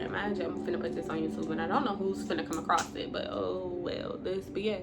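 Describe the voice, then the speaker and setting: A woman's voice: on the low side, fairly even intonation, normal speed, over loud music. Blunt, profane woman telling a story. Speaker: YouTuber telling a personal story. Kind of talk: storytime vlog.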